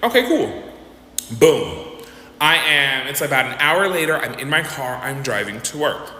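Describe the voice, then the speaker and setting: Speaking unhurriedly in a medium-pitched voice, a man retells a story with animated drama, performing the quotes of the people involved in casual commentary. Faint noise and heavy reverb from an echoey room surround him.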